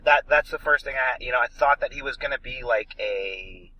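A man's voice: medium pitch, normal speed, highs cut off. A man ranting and swearing as he picks apart an action movie in a casual podcast chat. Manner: ranting, profane, emphatic. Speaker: podcast co-host.

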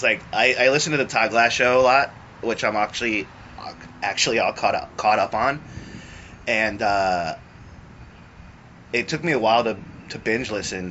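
A man's voice: lowish voice, sharp tone. Crude, laughing podcast host man. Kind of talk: casual banter. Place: back patio outdoors. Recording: dull lo-fi recording with faint noise.

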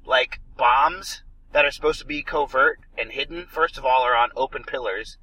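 A man's voice: medium pitch, moderate pace, pushed and bright, lo-fi sound. A man ranting and swearing as he picks apart an action movie in a casual podcast chat. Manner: ranting, profane, emphatic. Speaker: podcast co-host.

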